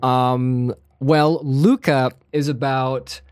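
A man's voice: medium pitch, fairly even intonation, extremely slow, darkish tone, clear, resonant tone, no room sound, clean studio sound. A man co-hosting a casual podcast chat, playful and laughing often, often trailing off and restarting. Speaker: podcast co-host.

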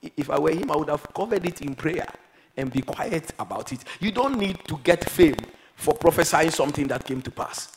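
A man preaching a sermon, moving between quiet, reflective passages and loud, emphatic exhortation. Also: on the high side, lively intonation, fairly quick, slight background noise, rough recording. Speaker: pastor.

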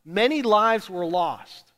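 Brief: male pastor, high voice, sermon delivery with sharp swings between hushed and loud emphasis, speaks to the congregation, long church-hall reverb. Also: expressive, slow. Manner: repeats lines for emphasis and addresses the congregation directly. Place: church sanctuary during a service.

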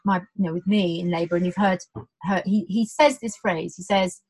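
A middle-aged woman, a birth educator, explaining labour in casual conversation, animated, acting out quotes with many restarts. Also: on the low side, normal speed, slightly rough, poor audio.

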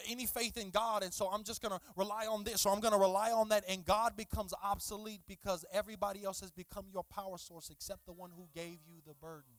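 A middle-aged man preaching a sermon, swinging from shouted, rising passages to quiet, drawn-out asides, and talking straight to the congregation with "y'all" and playful teasing. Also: high-pitched, dry recording. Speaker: pastor.

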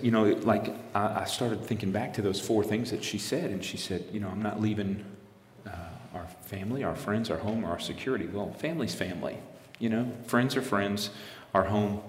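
A man's voice: on the low side, roomy sound, long reverb tail, a little hiss or hum. A man in his forties telling a personal story in an interview, earnest, often restarting his sentences. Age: 40s. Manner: earnest, retelling with quoted dialogue, frequent restarts. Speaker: interviewee, missionary pastor.

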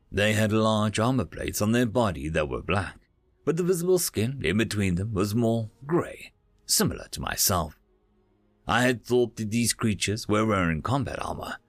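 A man narrating a first-person science fiction story with an expressive, lively delivery. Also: fairly low pitch, dry recording. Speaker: audiobook narrator.

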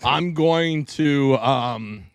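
Brief: man, mid-pitched, blunt and profane podcast co-host, dry close sound. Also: very slow, clean tone, no echo, lo-fi sound. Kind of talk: casual podcast chat.

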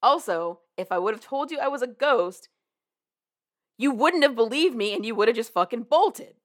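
A woman casually recapping a story for a co-host, animated and profane, laughing often as she talks. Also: fairly high pitch, normal speed. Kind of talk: casual chat.

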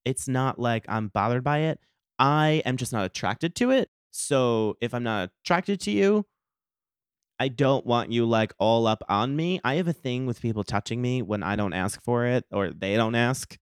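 A young man tells a story on his solo podcast, swearing freely and acting out the dialogue. His voice is smooth and resonant, and it sits at an ordinary pitch for a man. The recording is dry and close. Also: normal speed, dry recording. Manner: animated, profane storytelling with quoted dialogue. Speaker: podcast host.

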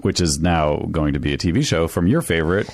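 A man co-hosting a podcast in casual chat, teasing and jumping in with quick quips and questions. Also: deep voice, animated. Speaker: podcast co-host.

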